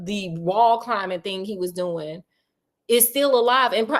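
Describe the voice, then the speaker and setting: Sassy, slangy woman storyteller. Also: fairly high pitch. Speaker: storyteller host. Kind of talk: casual retelling of a classic story.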